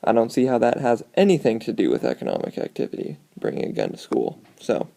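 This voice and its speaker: Gravelly man reading case summaries. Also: on the low side, wildly swooping pitch, quick pace, warm tone. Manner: reads formal summaries, then adds offhand jokey asides. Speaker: student presenter. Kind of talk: casual read-aloud of case summaries.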